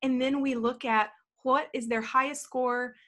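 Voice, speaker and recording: A woman's voice: sits high, fairly even intonation, a little slow, a bit bright. A woman in her thirties talking earnestly on a panel, telling a personal story with many filler words. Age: 30s. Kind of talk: panel talk.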